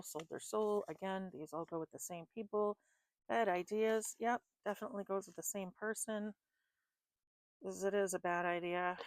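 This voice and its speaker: A woman's voice: fairly low pitch, no echo. Exasperated woman reading cards, close dry mic. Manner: exasperated, swears often, laughs in frustration. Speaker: tarot reader. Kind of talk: casual spiritual reading.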